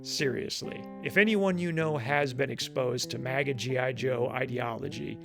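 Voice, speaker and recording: A man's voice: mid-range voice, moderate pace, vocal fry, music in the background. A man hosting a podcast, reading a teasing intro and chatting with a wry, joking manner. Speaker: podcast host. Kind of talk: casual chat and scripted intro.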